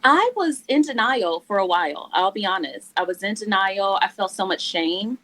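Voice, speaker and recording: A woman in her forties telling her own story as a guest, earnest and halting, her voice catching with emotion. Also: mid-range voice, expressive, fairly bright tone, low-quality recording. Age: 40s. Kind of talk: candid personal story in a church interview.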